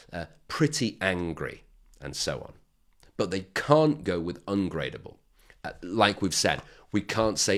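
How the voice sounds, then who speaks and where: A man with a low, deep voice gives a recorded grammar lesson. His pitch rises and falls a lot as he explains step by step. He keeps checking in with the viewer in a patient way. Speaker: English teacher.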